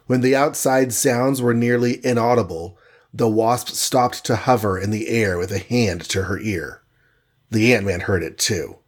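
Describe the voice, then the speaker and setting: A man narrating an adventure storybook aloud in a steady, dramatic reading. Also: fairly low pitch, a little slow.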